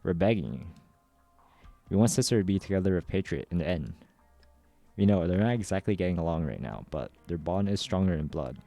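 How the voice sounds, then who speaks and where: Deep-voiced devoted rebel soldier from a game story, earnest and solemn, read by a man. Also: expressive, a little fast, creaky, warm tone, no echo, faint music behind. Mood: pleading.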